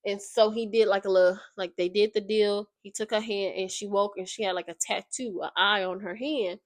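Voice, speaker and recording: A woman's voice: mid-range voice, normal speed, no echo. Slangy woman recapping a book. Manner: slangy, animated retelling. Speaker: video creator.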